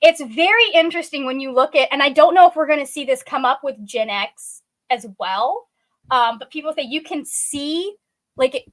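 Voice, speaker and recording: A woman's voice: high voice, normal speed. A young woman co-hosting a reading stream, chatting casually in a bubbly, naturally cheerful way. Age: young adult. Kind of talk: casual chat.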